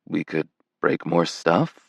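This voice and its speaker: A man voicing a gentle, wry young man who speaks softly and coaxingly. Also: on the low side, moderate pace, no echo, close to an everyday voice.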